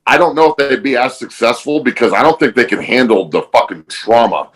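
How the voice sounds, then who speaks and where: A man's voice: medium pitch, fairly quick, a bit bright, low-quality recording. A man hosting a podcast, talking bluntly and emphatically in casual chat, with frequent swearing. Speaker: podcast host.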